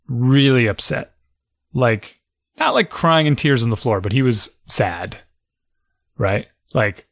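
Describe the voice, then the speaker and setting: A man's voice: medium pitch, no room sound, clean studio sound. A man co-hosting a casual chat, telling a rambling story about his son and laughing easily. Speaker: podcast co-host.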